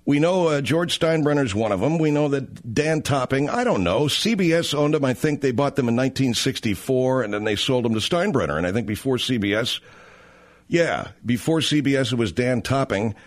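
A man's voice: medium pitch, lively intonation, a little fast. A man hosting a radio talk show in a casual, brash, teasing, rambling way.

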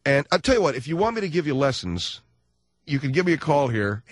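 Speaking briskly into a studio mic, a man with a higher voice hosts talk radio in a casual monologue. He's brash and jokey, animatedly acting out scenes with different voices, and the recording is dry.

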